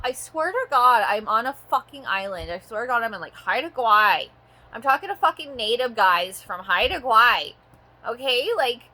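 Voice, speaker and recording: A Canadian woman in her thirties rants through a vlog monologue in a slightly high, bright, forceful voice. She swears often and rambles, leaning heavily on "like" as a filler.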